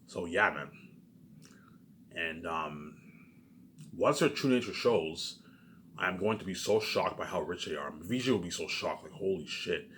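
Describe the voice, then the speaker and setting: A vlogger with a low, expressive, slightly bright voice talks a little slowly and pauses often, over slight background noise. He rambles through a casual monologue for his viewers, repeating himself a lot and swearing freely.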